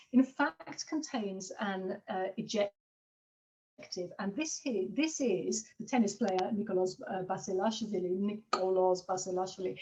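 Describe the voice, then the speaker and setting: A woman lecturer delivers an academic seminar over a video call, her voice sitting at an ordinary middle pitch. She talks hesitantly, filling pauses with frequent ums and quick apologies. The computer microphone leaves the audio slightly dull and muffled. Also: warm tone. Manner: hesitant, many fillers and apologies. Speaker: linguistics lecturer.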